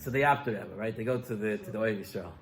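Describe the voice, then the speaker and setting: Animated storytelling rabbi, man. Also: on the low side, racing. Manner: animated storyteller acting out characters. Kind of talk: storytelling Torah talk.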